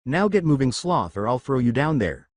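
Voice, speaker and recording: Man reading stern young female ninja, bossy, scolding, animated pitch, dry. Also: moderate pace, no room sound.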